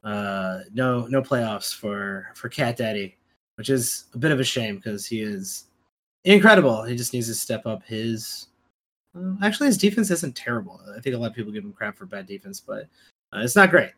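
A man's voice: mid-range voice, animated, normal speed, a bit bright. A man hosting a casual fantasy basketball podcast, laid-back and joking. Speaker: podcast host.

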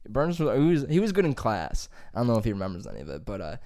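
A man's voice: on the low side, sing-song, fast, darkish tone, no room sound, studio quality. A young man from Columbus, Ohio, co-hosting a casual chat, rambling through stories with lots of swearing and laughter. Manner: profane, laughing, rambling storytelling. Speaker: podcast co-host.

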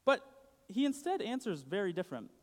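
Chatty high-voiced young man preaching. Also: big pitch swings, fairly quick. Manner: chatty, uses "like" a lot. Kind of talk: casual sermon. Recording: long hall reverb.

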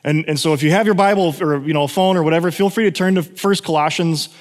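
A man's voice: a little high, fast talker, big-room sound. A man preaching a sermon in a casual, self-correcting way, with emphatic moments. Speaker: pastor.

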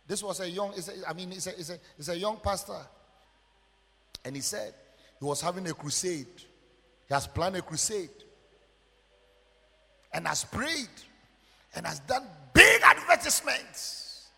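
A male pastor with a Ghanaian English accent, preaching emphatically and swinging from loud outbursts to quiet murmurs. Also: sits high, moderate pace, vocal fry, long pauses, slightly rough. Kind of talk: sermon. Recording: long church hall reverb.

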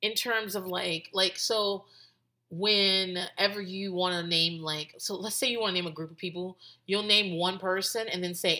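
Woman hosting a podcast, kinda low pitched but sharp and bright, rambles n swears a lot. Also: steady tone, measured pace. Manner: chatty, full of "like" and restarts, swears freely. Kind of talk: casual commentary.

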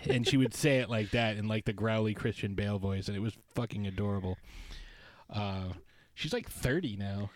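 A man's voice: on the low side, normal speed. A man co-hosting a podcast, talking in a playful, joking, rambling way. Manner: playful, jokey, rambling asides. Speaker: podcast co-host. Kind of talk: casual podcast banter.

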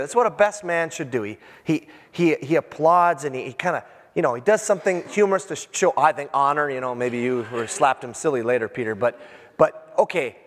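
Man pastor, fairly high voice, lively storytelling sermon, long church reverb. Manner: animated, joking, acts out scenes. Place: church sanctuary.

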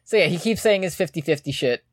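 A man's voice: fairly high pitch, fast, breathy edge, no echo. Man recapping an anime, dry close mic. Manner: animated retelling, acting out characters' lines. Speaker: podcast co-host. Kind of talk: casual recap chat.

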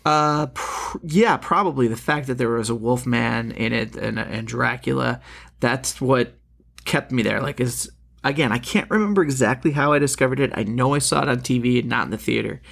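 A man co-hosting a casual movie podcast, talking in a hesitant, halting way. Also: medium pitch, gravelly, fairly bright tone, slightly rough. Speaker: podcast co-host. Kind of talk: casual chat about movies.

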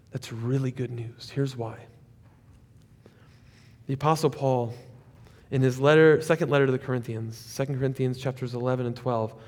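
A male pastor preaching a sermon, animated, rising to loud peaks and dropping to quiet asides. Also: medium pitch, big-room sound.

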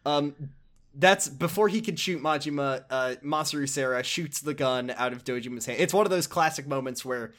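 Bright-voiced excitable man recapping a game. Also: mid-range voice, normal speed. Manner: excitable, laughing, swearing. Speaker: podcast co-host. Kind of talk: casual game recap chat.

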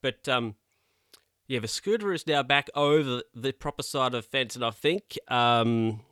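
Man, casual rambling host, bright tense tone, dry close sound. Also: mid-range voice, measured pace, smooth, no room sound. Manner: rambling, self-correcting, incredulous. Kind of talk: casual monologue.

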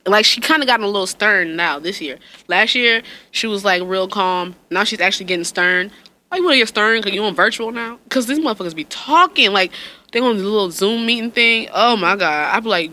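A woman in her thirties chatting casually, telling parenting stories with big acted-out quotes, swearing freely, and laughing often. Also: fairly quick. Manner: animated storyteller, acts out quotes with big pitch jumps, swears freely. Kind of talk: casual chat.

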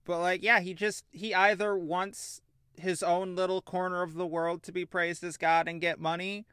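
A young man in casual podcast chat, emphatic and quick to swear as he rants. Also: high-pitched, pushed and bright, no echo, studio quality. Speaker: podcast co-host.

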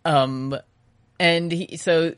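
A co-host with a mid-pitched voice, recorded dry and close, rambles through a casual anime recap. The talk is loose and profane, with frequent laughs and acted-out character lines. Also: steady tone, very slow, fairly bright tone, clear, resonant tone, dry recording. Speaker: podcast co-host.

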